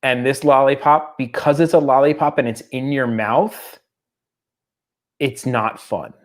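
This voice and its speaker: A middle-aged man co-hosting a casual chat show, joking and bantering quickly. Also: medium pitch, steady tone. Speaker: co-host.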